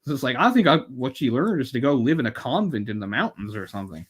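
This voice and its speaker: A man's voice: mid-range voice, big pitch swings, fast, breathy edge. Guy on a movie podcast, rambly and wry, drops the odd swear, pretty average voice. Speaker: podcast co-host. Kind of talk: casual film discussion.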